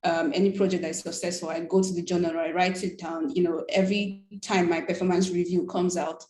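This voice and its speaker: A woman's voice: lowish voice, level tone, brisk, darkish tone. A woman speaking on a panel in a casual, conversational way, dropping frequent "like" and "yeah" fillers. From Nigeria. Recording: roomy echo.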